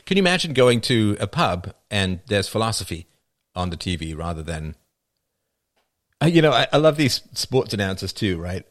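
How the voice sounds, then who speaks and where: A man's voice: lowish voice, normal speed. A man hosting a live stream, riffing through a casual comedic monologue and laughing at his own jokes. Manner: animated, joking, often laughing at own jokes.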